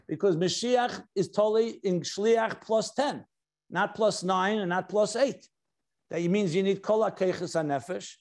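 Male rabbi, high voice, lecture delivery, emphatic on key terms, reads texts aloud. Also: a little slow, darkish tone. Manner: explanatory, stressing key words, mixing in Hebrew and Yiddish terms; reads quoted passages aloud. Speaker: rabbi teaching a class. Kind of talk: Torah lecture.

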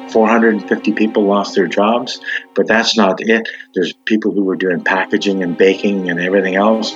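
A fairly deep-voiced man speaks with heartfelt emotion in an interview. The recording sounds a bit dull and muffled, with faint music behind. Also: a bit bright. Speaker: interviewee, business owner. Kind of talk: documentary interview.

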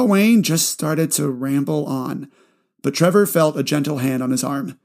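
A man narrating a short story and giving casual self-help advice in a relaxed, chatty way. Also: on the high side, a little slow, gravelly.

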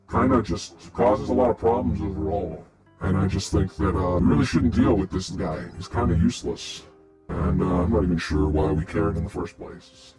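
A man playing a swaggering robot priest, an iron golem who boasts of drinking and fighting. His voice runs low, and faint music plays behind. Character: cocky male iron golem priest, brawler.

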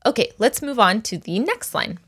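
A woman teaching a language lesson, patiently breaking phrases down and repeating each word slowly for learners. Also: fairly high pitch, sing-song, fairly bright tone, breathy edge.

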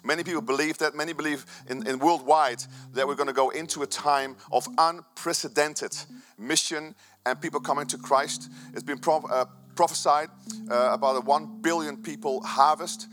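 A man's voice: on the high side, fairly even intonation, moderate pace, a bit bright, faint music behind. A man preaching a sermon to his church, enthusiastic and rambling, with frequent restarts. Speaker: pastor.

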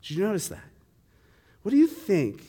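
Casual preacher, a man with a slightly high voice, quizzing his congregation in a reverberant hall. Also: wildly swooping pitch, normal speed, mellow, husky. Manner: conversational, asks the audience questions, acts out quoted lines. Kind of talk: sermon teaching on a Bible passage.

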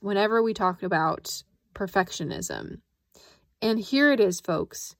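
A woman podcast host and coach telling a personal story in a chatty, animated way, quoting her own thoughts. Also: mid-range voice, no echo, studio quality. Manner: chatty, animated, lots of fillers and self-quoting.

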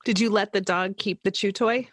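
A woman's voice: medium pitch, fairly even intonation, moderate pace, no room sound, studio quality. Chatty woman co-host telling stories. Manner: storytelling, acts out quoted voices. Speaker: podcast co-host, lactation consultant. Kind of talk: casual chat.

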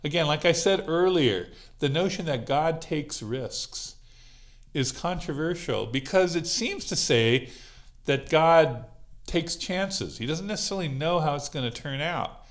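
A man's voice: fairly high pitch, animated, a little slow. A man leading a Bible study, talking it through informally with frequent fillers and light laughs. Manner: conversational, many fillers and laughs. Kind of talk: informal teaching on a call.

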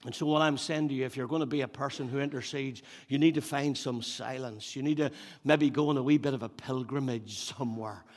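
A man's voice: mid-range voice, steady tone, brisk. An older man preaching a sermon, repeating phrases for emphasis.

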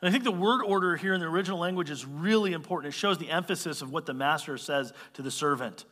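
High, bright-voiced preacher in a reverberant hall. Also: male voice, quick pace. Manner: animated, conversational asides while explaining scripture. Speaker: pastor. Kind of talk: expository sermon.

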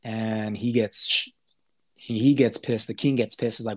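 A man's voice: lowish voice, steady tone, measured pace. Rambling man recapping a show. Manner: rambling retelling with acted-out quotes and filler words. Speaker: podcast host. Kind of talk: casual chat recapping a TV episode.

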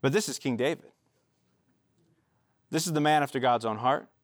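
A man's voice: medium pitch, moderate pace, no room sound, clean studio sound. A man preaching as a pastor, earnest and conversational. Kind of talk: sermon.

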